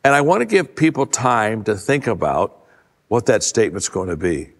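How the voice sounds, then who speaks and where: An older man giving a conversational leadership talk to a live audience, a folksy storyteller who restarts his sentences often and drops his voice low to stress a point. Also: sing-song, moderate pace. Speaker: leadership speaker. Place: large event hall. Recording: long hall reverb.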